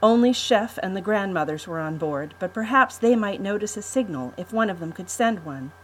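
A woman reading a storybook aloud in an even, measured manner. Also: medium pitch, slight background noise, rough recording. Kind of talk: storybook narration.

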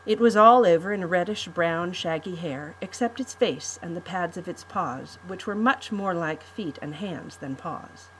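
A woman hosting a podcast, reading a family adventure story in a measured storybook way. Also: on the low side, a little hiss or hum, poor audio. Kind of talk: scripted story narration.

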